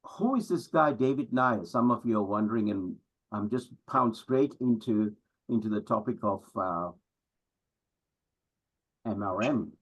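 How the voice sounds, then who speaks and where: A man's voice: fairly low pitch, animated, a little slow, pauses often, low-quality recording. A middle-aged man giving an emphatic motivational talk to an audience as a business coach, full of rhetorical questions.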